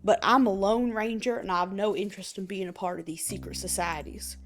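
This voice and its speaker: A woman's voice: medium pitch, fairly even intonation, fairly quick, background noise, lightly acted. Woman voicing a paranoid loner villager. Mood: wary. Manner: wary, distrustful.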